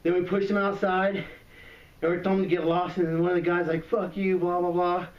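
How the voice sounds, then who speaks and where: Shaken, winded man on a muffled, echoey emergency call recording, heard from a distance, slightly high voice. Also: level tone. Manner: shaken, rambling, halting with fillers. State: out of breath. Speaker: 911 caller.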